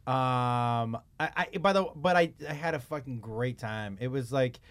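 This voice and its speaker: A man's voice: mid-range voice, a little slow, smooth. A man co-hosting a podcast, telling stories in casual chat, swearing freely and acting out what people said. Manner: animated storyteller, swears freely, acts out quotes. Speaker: podcast co-host.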